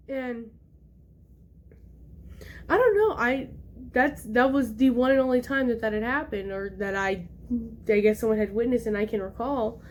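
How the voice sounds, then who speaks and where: A young woman vlogger telling a personal story in casual talk, animated and acting out the voices she quotes. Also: a little high, measured pace, long pauses, a little hiss or hum.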